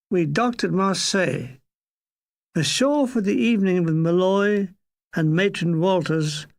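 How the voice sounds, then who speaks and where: Older male narrator, slow and gravelly, dry deadpan delivery of a comic memoir. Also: sits high. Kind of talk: reading a comic memoir aloud.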